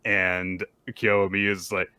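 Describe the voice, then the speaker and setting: Male co-host, lowish bright voice, animated storyteller, dry close sound. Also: takes it slowly, clear, resonant tone, no echo. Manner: animated retelling, jumps high when quoting characters. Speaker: podcast co-host. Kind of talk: casual recap chat.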